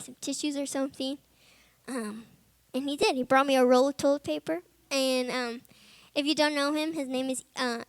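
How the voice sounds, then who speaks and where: A Bible college student, a young woman with a bright, high voice, gives a personal testimony to fellow students. Her speech is informal and full of "like" and "um", and she grows soft, subdued and earnest when the story turns heavy. The recording is close and dry, without echo.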